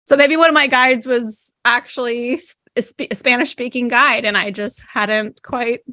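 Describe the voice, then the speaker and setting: Higher-voiced woman, dry close sound. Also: steady tone, moderate pace, pushed and bright, no room sound. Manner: chatty, storytelling, asks questions. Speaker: podcast guest, also a podcast host. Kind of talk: casual interview chat.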